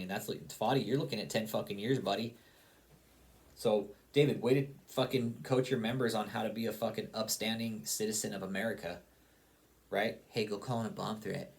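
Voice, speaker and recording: Guy with a lowish voice going off on a profane rant, keeps repeating himself. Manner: heated, profane, repetitive. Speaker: online commentator.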